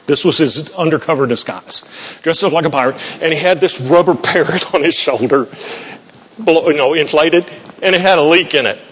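Folksy joking preacher in a hall. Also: male voice, fairly high pitch, normal speed, fairly bright tone, slightly rough. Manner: folksy, joking, self-deprecating. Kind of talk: sermon. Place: church sanctuary. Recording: muffled, with long hall reverb.

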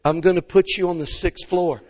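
A woman's voice: lowish voice, fairly even intonation, brisk, a little mellow, a little hiss or hum, voice pushed up, natural voice. A man voicing a stern, no-nonsense Southern mother who is firm and then sugary-polite on the phone, with a dull lo-fi sound.

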